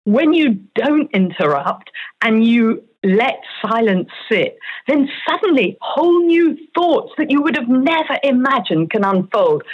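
Woman, author and coach, husky breathy voice, earnest step-by-step explaining, dull lo-fi audio. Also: mid-range voice. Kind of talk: explanatory interview talk.

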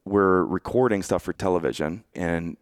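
A middle-aged man co-hosting a podcast, telling family stories in an animated way and laughing often. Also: sits low, normal speed, dry recording, studio quality. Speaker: podcast co-host. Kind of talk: casual family chat.

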